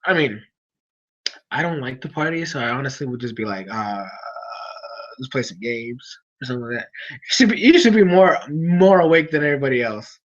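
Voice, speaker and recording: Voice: medium pitch, animated, quick pace, dull audio. A streamer talking casually with viewers late at night, sleepy and yawning, rambling along with frequent restarts.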